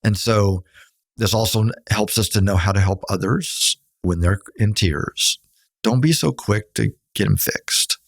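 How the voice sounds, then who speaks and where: A man's voice: a little slow, creaky, dry recording, clean studio sound. A middle-aged man co-hosting a podcast, giving earnest, coaching advice on grief in a conversational way. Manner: earnest, coaching, quotes people in a higher voice. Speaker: podcast co-host, counselor.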